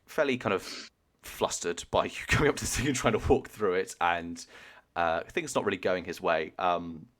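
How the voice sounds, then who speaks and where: Hombre de voz muy grave, máster titubeante. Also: male voice, sits low, a bit bright. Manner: filler-heavy, halting narration. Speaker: game master. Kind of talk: narrating a tabletop game. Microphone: video call.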